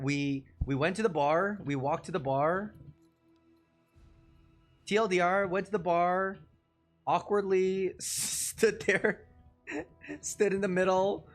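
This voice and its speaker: A man streaming live, telling a rambling, self-deprecating story full of fillers and chuckles, with faint music behind him. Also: high voice. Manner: chuckles often between phrases.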